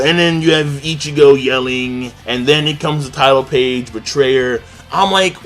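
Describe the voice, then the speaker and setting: A young man with a fairly high voice reacts live as he reads a chapter, excitable and profane. He jokes constantly and talks straight to his viewers. Faint music plays underneath. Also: normal speed, few pauses. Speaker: channel host reacting to a manga chapter.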